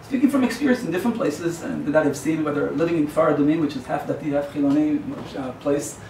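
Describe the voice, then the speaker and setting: A man's voice: on the high side, fast talker, darkish tone. A man, a rabbi, giving a sermon in a digressive, joking storyteller's way, recorded in an echoey hall from far off. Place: yeshiva lecture hall. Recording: echoey hall, far from the mic, faint hum.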